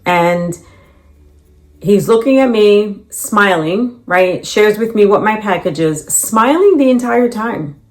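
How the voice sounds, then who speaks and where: A middle-aged woman telling the story of her layoff, with lively quotes of what others said. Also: mid-range voice, takes it slowly. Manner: animated, quotes others in dialogue. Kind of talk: storytelling in a reacted clip.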